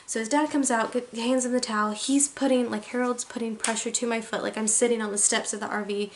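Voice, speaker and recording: A woman's voice: a little high, fairly quick, noisy background. Chatty young woman telling a story. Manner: chatty, heavy use of "like"; animated, dramatic retelling. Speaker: vlogger. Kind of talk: casual storytime.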